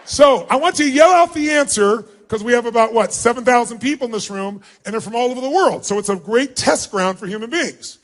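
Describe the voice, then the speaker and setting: Man, high-pitched voice, motivational speaker, commanding, yelling to a big hall crowd. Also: animated, brisk, few pauses. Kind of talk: live seminar address to a large crowd. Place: large hall with thousands of people.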